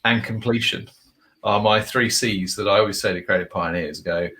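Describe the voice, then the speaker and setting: A man with a somewhat low voice hosts a conversation and lays out his advice to the guest. He speaks at a measured pace in long, reflective sentences. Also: bright, forceful tone. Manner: thoughtful, explains in long sentences. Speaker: podcast host.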